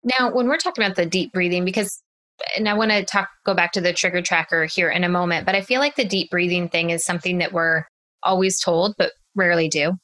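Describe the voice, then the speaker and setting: A woman's voice: on the low side, quick pace, fairly bright tone. A woman hosting an interview, chatting loosely and asking long, rambling questions with fillers. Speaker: interview host. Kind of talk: conversational interview.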